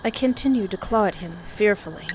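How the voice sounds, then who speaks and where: A woman's voice: medium pitch, fairly quick. A woman reading a horror visual novel aloud with commentary, reacting dramatically and laughing often. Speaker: game streamer. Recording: steady background hiss.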